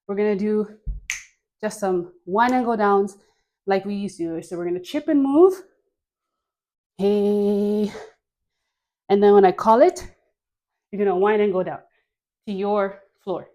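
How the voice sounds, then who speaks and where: Breathy, slow-cueing woman dance teacher. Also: medium pitch, a little mellow. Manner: slow, breathy cueing with frequent laughs and sighs. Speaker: dance instructor. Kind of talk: cueing a dance workout class.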